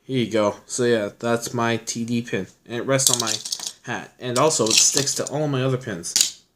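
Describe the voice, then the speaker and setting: A man's voice: medium pitch, normal speed, very noisy. Young guy rambling on in a chill vlog, lots of ums and likes. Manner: rambling, filler-heavy, chatty storytelling. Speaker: vlogger. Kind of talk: casual chat showing his collection.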